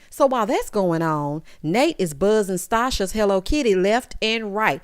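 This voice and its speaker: A woman's voice: mid-range voice, moderate pace, hardly any pauses. A woman giving a sassy, casual recap of a reality show, mimicking the cast as she goes. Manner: sassy, animated, quotes cast members in mock voices.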